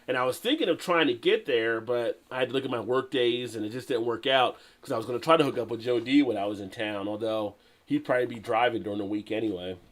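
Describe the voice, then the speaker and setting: A man hosting a live stream in a casual chat. He reads viewer comments aloud, greets people and laughs often. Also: mid-range voice.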